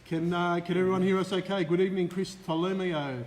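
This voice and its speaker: A man's voice: high-pitched, a little fast, big-room sound. An Australian man co-hosting a casual live stream, greeting viewers by name with lots of "uh" fillers. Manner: lively, reels off viewer names with many "uh" fillers. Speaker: co-host of a live racing stream.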